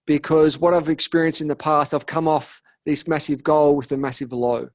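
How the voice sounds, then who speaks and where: Lively, high-voiced Australian man. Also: normal speed, dry recording. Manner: energetic storytelling, acts out quoted dialogue. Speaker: podcast guest, business coach. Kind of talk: casual interview talk.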